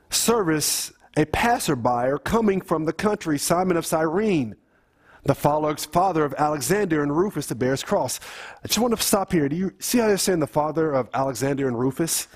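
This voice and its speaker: A man with a fairly high voice reads scripture aloud to his family. He keeps breaking off into casual, emphatic commentary and restarts his sentences often. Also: animated, moderate pace. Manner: conversational, emphatic asides, frequent restarts. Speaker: Bible study leader. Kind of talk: informal family Bible reading and commentary.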